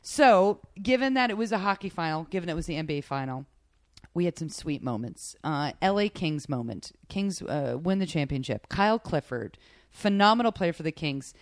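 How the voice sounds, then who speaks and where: A woman's voice: sits low, expressive, normal speed, no echo. Chatty woman podcast host, dry sound. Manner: chatty, gushing, many fillers. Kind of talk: casual sports chat.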